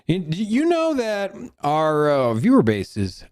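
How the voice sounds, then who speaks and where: A man's voice: a little high, wildly swooping pitch, slow pace, a little mellow, no echo. Rambling male livestream co-host, dry sound. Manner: rambling, many restarts and fillers. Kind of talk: casual livestream chat.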